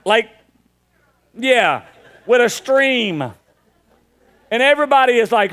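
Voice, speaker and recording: A man in his thirties preaching a sermon, telling funny stories with animated delivery. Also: high-pitched, slow pace, long pauses. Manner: storytelling, joking, animated. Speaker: pastor.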